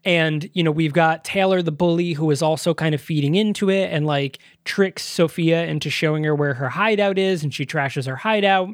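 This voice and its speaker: An animated podcast co-host recaps a film in loose, casual chat, swearing freely. The voice sits at a middle pitch. The sound is dry and close, with no room around it. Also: normal speed, few pauses, no echo. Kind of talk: casual movie review chat.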